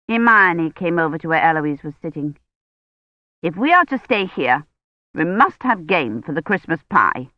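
A woman narrating an audiobook in a measured, even storytelling manner. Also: fairly low pitch, dry recording. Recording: dull dry lo-fi recording.

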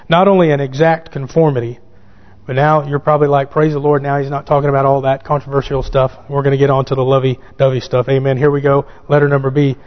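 A male pastor preaching a sermon, building to emphatic calls and reading scripture aloud. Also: a little high. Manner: reads scripture aloud in King James wording. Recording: dull sound with long hall reverb.

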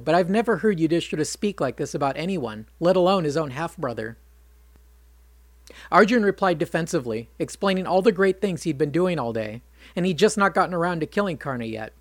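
Wry storyteller chatting through an old epic, dry close sound, mid pitch. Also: dry recording. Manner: wry, conversational asides. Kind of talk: casual retelling with commentary.

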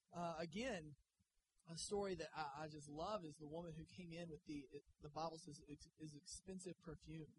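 A man preaching a sermon in a church, joking and energetic. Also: fairly high pitch, a little fast, background noise. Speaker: guest pastor. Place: church sanctuary.

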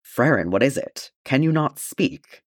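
A man's voice: mid-range voice, big pitch swings, normal speed, breathy edge, no room sound, clean studio sound, voice pushed up. Male reader as a dwarf lord, urgent, raised voice. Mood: worried.

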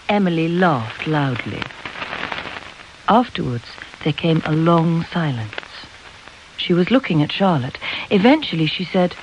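Measured storybook narrator, mid-range voice, slightly dull lo-fi recording. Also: mid-range voice, animated, slight background noise. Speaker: audiobook narrator. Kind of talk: scripted narration.

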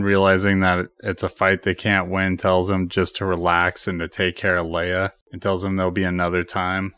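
A man's voice: low voice, bright, forceful tone, clean tone, dry recording. A man casually recapping a film scene by scene, dropping wry, joking asides as he goes.

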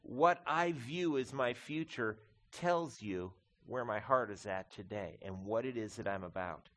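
A middle-aged male pastor preaching a conversational sermon, calling the congregation "folks" and swinging between quiet reflection and loud emphasis. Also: medium pitch, a little slow. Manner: conversational, addresses listeners as folks.

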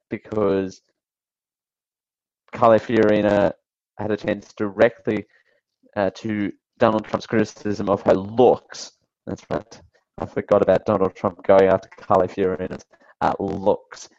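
Gravelly, wry male radio host. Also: fairly low pitch, a little mellow, dry recording, lo-fi sound. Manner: wry, sarcastic asides with chuckles. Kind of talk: casual political commentary.

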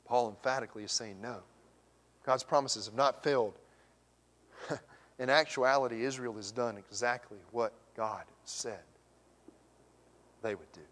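A man preaching a sermon as pastor, swinging from emphatic raised questions to hushed near-whispers. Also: medium pitch, unhurried, long pauses. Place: church sanctuary. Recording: long church hall reverb.

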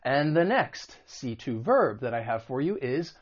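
A man teaching an English lesson, patiently explaining word meanings and modeling pronunciation slowly and clearly. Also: mid-range voice, sing-song. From United States. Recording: dull lo-fi recording.

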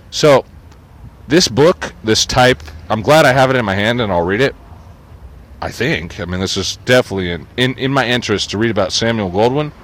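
A man's voice: on the low side, fairly bright tone. A man vlogging in a crude, sardonic rambling monologue, cursing freely.

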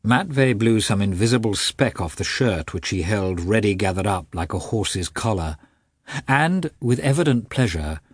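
A man narrating a classic novel as an audiobook, reading in a measured, expressive way with a husky voice. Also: on the low side, dry recording, studio quality.

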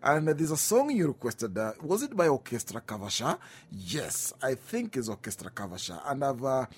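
Kenyan guy on the radio, chatty, reading out listener requests, mid pitch. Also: very animated, normal speed, breathy edge. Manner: chatty, mixes in Swahili phrases, reads out listener names. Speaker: radio show host.

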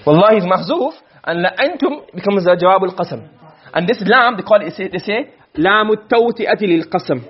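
A man teaching a class, lecturing quickly and often checking with his students. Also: sits high, animated, muffled recording. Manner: quick, questioning students often, mixing Arabic terms. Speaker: teacher of Arabic rhetoric.

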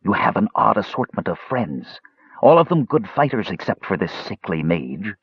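A cold, expressionless old wizard's ghost speaks in a whispery, rustling hush, as a man reads him. The storybook voice sits low and breathy. The recording is slightly muffled. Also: very animated, normal speed, dry recording, full character voice. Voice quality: whispery, dry rustling speech.

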